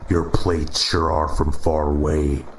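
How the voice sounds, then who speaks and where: A man voicing an insistent male highway cop who speaks in a slow Midwestern drawl. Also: little pitch movement, roomy sound, a little hiss or hum. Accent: Midwestern American.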